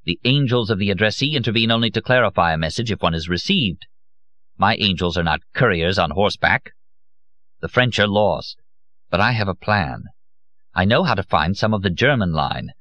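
A man's voice: low-pitched, animated, moderate pace, sharp tone, no room sound, muffled recording. A man voicing an irascible old male court magician who blusters and curses. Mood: scornful. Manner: blustering, cursing outbursts.

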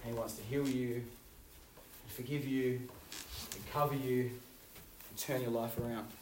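A man preaching a youth sermon, telling stories with swings from loud to hushed. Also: medium pitch, steady tone, a little slow, a little hiss or hum. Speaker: youth pastor. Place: youth hall. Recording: roomy hall, voice from far off.

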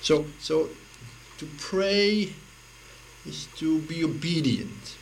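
Gravelly, slow-talking man in a reflective talk. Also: fairly high pitch, low-quality recording. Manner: earnest, halting, repeats words while searching. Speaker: spiritual speaker. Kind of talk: intimate reflective spiritual talk. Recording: faint hiss, personal audio recording.

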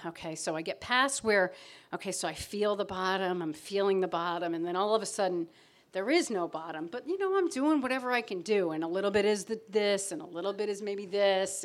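A middle-aged woman telling a self-mocking story live on stage before an audience, acting out her own panic. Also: medium pitch.

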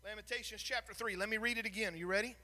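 A male pastor with a very high, piercingly bright voice, preaching with fervor that swings between hushed confession and loud shouts. His sermon carries a long reverb in a church sanctuary. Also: fairly even intonation, very fast.

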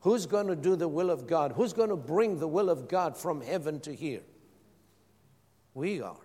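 A middle-aged man preaches a sermon, pressing his listeners with rhetorical questions. His voice sits somewhat high for a man. It rings through a hall with a long reverb. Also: expressive, normal speed, dark tone, slightly rough. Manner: rhetorical questions, emphatic repetition. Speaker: pastor.

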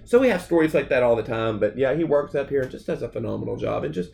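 A man with a gravelly, mid-pitched voice talks through his stories as a podcast guest. He rambles in a casual, animated way, leaning on fillers like "man" and "you know". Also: fast talker, faint music behind. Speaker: gym founder, podcast guest. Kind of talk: casual interview storytelling.

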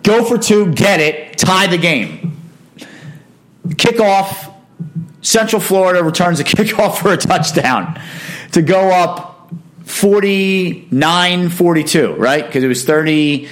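A man's voice: high voice, takes it slowly. A man hosting a casual sports talk show, giving emphatic, opinionated commentary in a chatty monologue.

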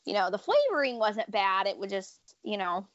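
A woman's voice: medium pitch, big pitch swings, normal speed, no room sound. A woman from the American Midwest chatting casually as a podcast co-host, full of fillers. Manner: chatty, uses many fillers like "you know" and "like". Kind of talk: casual chat. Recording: dull, slightly lo-fi dry sound.

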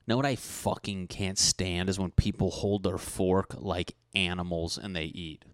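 A man hosting a podcast, ranting in a casual, profane and animated comic way into a handheld microphone. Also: sits low, unhurried, no room sound. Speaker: podcast host. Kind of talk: casual comedic rant.

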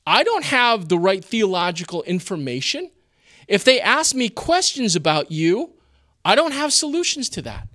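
A man's voice: high voice, big pitch swings, moderate pace, sharp tone, exaggerated voice. A man voicing Moses as an anxious, self-doubting older man pleading his excuses.

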